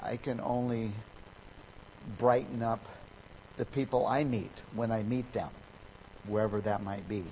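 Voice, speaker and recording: A man preaching a sermon as a pastor, emphatic, his voice swelling louder on key words. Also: mid-range voice, little pitch movement, unhurried, long pauses, slight background noise, rough recording.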